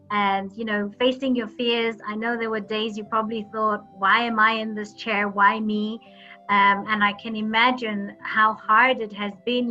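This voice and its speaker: A woman hosts a video call in a bright, forceful voice that sits a little high, and she talks in a chatty, encouraging way. The audio is dull, with faint music behind her. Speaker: host. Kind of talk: online meeting hosting.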